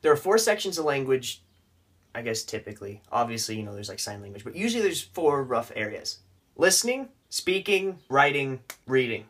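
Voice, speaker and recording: A man's voice: medium pitch, animated, moderate pace, fairly bright tone. A young man casually vlogging tips on learning a language, with joking, rambling asides.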